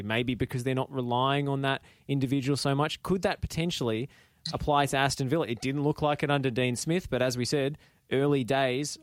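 A male podcast host with a mid-range voice asks long, curious questions in an easy, relaxed manner. His voice is recorded dry and close. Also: mid-range voice, smooth, no room sound. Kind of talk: conversational interview.

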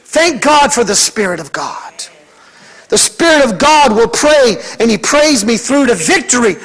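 An older man, a pastor preaching a fervent sermon to his church, moving between loud, emphatic lines and hushed ones. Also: very high-pitched, low-quality recording.

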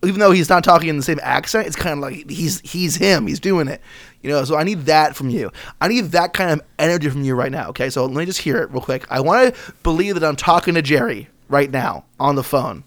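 A man's voice: a little high, fairly quick, a bit bright, dry recording. A man co-hosting a comedy podcast, teasing his partner like a mock acting coach and laughing often. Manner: dry, teasing coach-like prodding, laughs a lot. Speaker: podcast co-host. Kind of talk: casual comedic chat.

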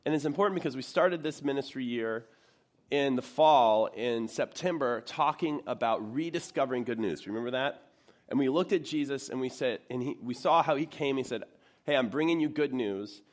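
A man's voice: medium pitch, normal speed. A man, a pastor, preaching a sermon in a church in a conversational way and putting questions to the congregation.

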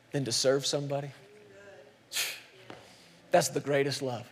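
High-voiced preaching man. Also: animated. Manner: dynamic preaching, slows and drops soft for emphasis, rises for punchlines. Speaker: pastor. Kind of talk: sermon.

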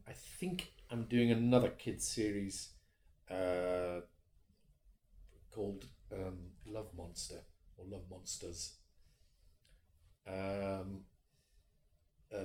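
A man's voice: on the low side, steady tone, takes it slowly, long pauses, a little mellow. Chatty man in a roomy echo. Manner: self-deprecating, chatty, laughs often. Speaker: voice actor, interview guest. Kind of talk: casual interview chat.

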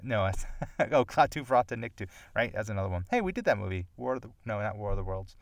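Guy with a lowish voice rambling solo on his podcast, goes off topic and jokes about himself, dry sound. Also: lively intonation, quick pace, creaky, no echo. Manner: rambling, digressive and self-deprecating. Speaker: podcast host. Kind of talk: casual solo chat.

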